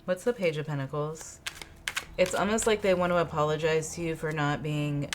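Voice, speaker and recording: Low-voiced woman giving a tarot reading. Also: fairly even intonation, normal speed, noisy background. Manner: repeats phrases, muses aloud, asks spirit questions. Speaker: tarot reader. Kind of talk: intuitive tarot reading monologue. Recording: card shuffling clicks in background.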